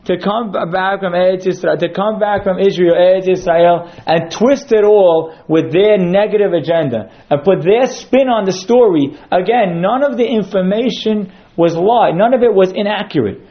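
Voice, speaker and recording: A man delivering a sermon built around a story, his voice sitting a little high for a man. He slips into acted-out quotes as he tells it. The recording is dull and lo-fi. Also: normal speed, hardly any pauses. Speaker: synagogue speaker.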